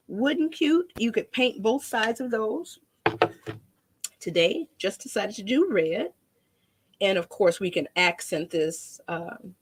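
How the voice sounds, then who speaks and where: A woman's voice: mid-range voice, slight background noise. A woman demonstrating a painting craft in a chatty, rambling way, often repeating her words.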